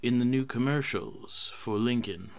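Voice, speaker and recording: A man doing an impression of a famous actor, drawling slowly and repeating the same lines. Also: medium pitch, creaky. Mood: laid-back. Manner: slow, drawling, repetitive lines. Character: a famous male actor, laid-back drawl. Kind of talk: podcast celebrity impression.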